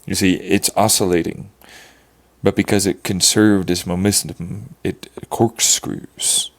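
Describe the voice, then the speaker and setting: Gravelly man rambling on a stream. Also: low voice, fairly even intonation, takes it slowly. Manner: rambling, profane, correcting himself. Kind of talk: livestream monologue thinking aloud.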